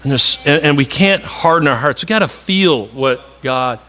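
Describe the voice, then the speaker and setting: High, bright-voiced male preacher. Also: lively intonation, moderate pace. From northern Wisconsin. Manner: conversational, earnest, with repeated words and joking asides. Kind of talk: sermon.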